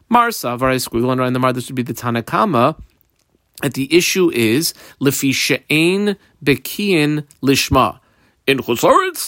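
A man teaching a Talmud lesson step by step, reading Aramaic phrases and explaining them in English with lively jumps in pitch. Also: no echo, studio quality. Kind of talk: daf yomi Talmud lesson.

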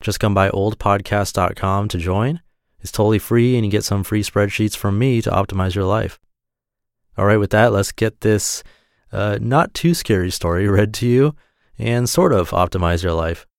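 Low-voiced man reading a fairy tale. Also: moderate pace, gravelly, dry recording, clean studio sound. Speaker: podcast host.

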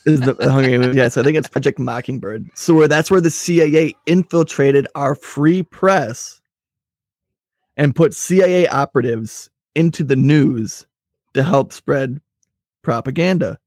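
A man's voice: medium pitch, unhurried, darkish tone, dry recording, clean studio sound. A man co-hosting a casual political chat show, rambling and swearing freely. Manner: rambling, profane, crude. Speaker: podcast co-host.

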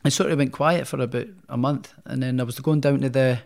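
A man's voice: mid-range voice, fairly even intonation, fairly quick, gravelly, a little mellow. A Scottish man being interviewed as a guest, telling his story in a rambling, casual way full of restarts. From Scotland. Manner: rambling, many restarts and fillers, self-deprecating. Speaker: guest, professional boxer.

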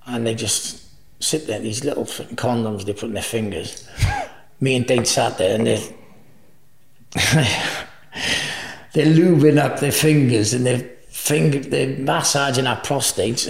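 Gravelly man telling crude stories. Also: medium pitch, moderate pace. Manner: crude, laughing storyteller. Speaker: guest. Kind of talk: casual anecdote telling. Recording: echoey room.

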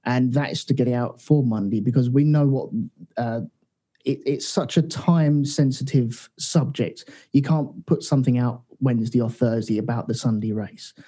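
Husky, mellow man bantering as a guest. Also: medium pitch, fairly even intonation, moderate pace. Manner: joking, self-deprecating banter. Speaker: podcast guest, co-host of another show. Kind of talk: casual chat.

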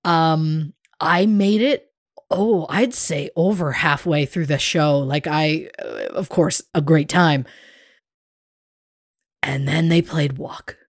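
Lively woman co-host telling a story. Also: deep voice, slow pace, no echo, clean studio sound. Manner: animated storyteller, acts out quoted voices. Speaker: podcast co-host. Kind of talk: casual chat.

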